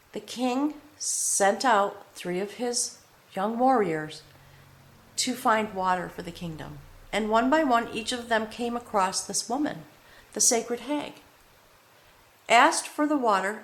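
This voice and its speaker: A woman's voice: fairly high pitch, lively intonation, takes it slowly, pauses often. A woman giving a spiritual tarot reading to camera in an earnest manner, often checking in with the viewer. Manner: earnest, addresses the viewer with frequent "okay?". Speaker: tarot reader. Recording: roomy echo.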